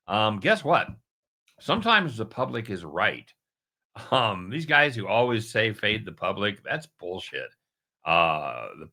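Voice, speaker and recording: A man's voice: deep voice, pushed and bright. A man giving a casual sports betting preview straight to his viewers, chatty and jokey, with a caramel in his mouth.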